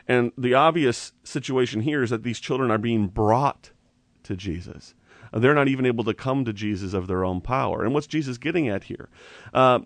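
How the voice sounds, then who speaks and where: A man's voice: mid-range voice, no room sound. A man in a conversational Bible study, explaining doctrine in an earnest, explanatory way.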